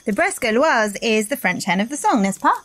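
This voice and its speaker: A woman's voice: fairly high pitch, sing-song, fairly quick, a bit bright, no room sound. A woman co-hosting a podcast, wry and bantering in casual chat. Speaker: podcast co-host.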